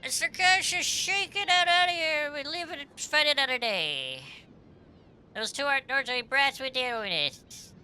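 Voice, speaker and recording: A woman voicing a gruff male soldier leader from a game, blustering and threatening as she reads his lines. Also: high-pitched, expressive, normal speed, pushed and bright, pitched above the performer's own voice, exaggerated voice. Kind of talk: reading game dialogue aloud.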